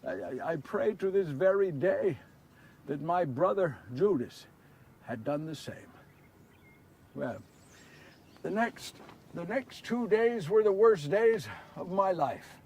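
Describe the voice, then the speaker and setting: An actor playing the remorseful apostle Peter in a confessional first-person monologue, moving between hushed and impassioned. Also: male voice, high-pitched, expressive, takes it slowly, long pauses, recorded from a distance, a little hiss or hum, full character voice. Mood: quiet, confessional. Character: Simon Peter, remorseful grown man apostle. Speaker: actor in a one-man biblical portrayal.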